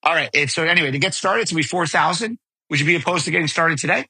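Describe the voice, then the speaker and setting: A man hosting a podcast, giving direct, energetic sales coaching and acting out customer conversations while walking outdoors. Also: fairly high pitch, very fast, music in the background, low-quality recording. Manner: role-plays sales dialogue, energetic and direct. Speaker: podcast host. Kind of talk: solo sales coaching talk.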